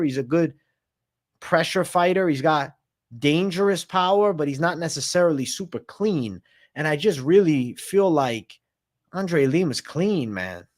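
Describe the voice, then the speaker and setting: A man hosting a live stream of fight predictions, talking in a brash, slangy and profane way. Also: fairly high pitch. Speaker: host.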